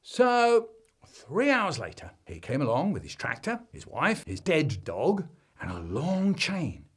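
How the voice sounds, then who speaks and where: A man telling a comic family story in an animated storytelling manner, his delivery chopped up by remix edits. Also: slow, breathy edge. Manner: animated storytelling with big swings in pitch and volume.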